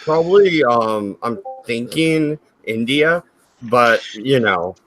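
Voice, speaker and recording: Bright, laughing podcast host. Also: male voice, mid-range voice, expressive, takes it slowly, soft background music. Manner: jokey, laughs often, tries silly accents. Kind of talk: casual group banter.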